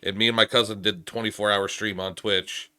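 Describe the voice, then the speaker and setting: A man's voice: lowish voice, little pitch movement, fairly quick, pushed and bright, smooth, no echo, clean studio sound. A man hosting a casual podcast, asking easygoing, rambling questions. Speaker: podcast host.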